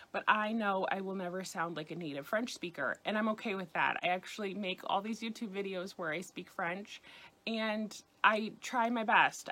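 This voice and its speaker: An American woman in her thirties with a New York accent, teaching French pronunciation in a scripted, clear and deliberate way. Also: mid-range voice, fairly bright tone. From United States. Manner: clear, deliberate, careful over-enunciation of example words. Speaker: French teacher on a video channel. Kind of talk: scripted language lesson.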